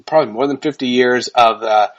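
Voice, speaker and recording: A man's voice: mid-range voice, a little fast, dull audio. A man who works as a sportscaster, telling a story as a guest in a casual podcast interview, chatty and laughing between phrases.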